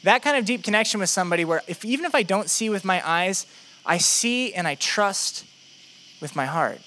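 A man's voice: high voice, expressive, normal speed, bright, forceful tone. A man preaching a conversational sermon, full of rhetorical questions. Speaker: pastor.

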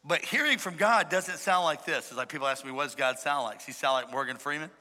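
A man preaching a sermon to a congregation, emphatic and playful, calling on the crowd to shout back. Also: a little high, quick pace. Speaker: pastor. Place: large church hall. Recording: echoey hall reverb.

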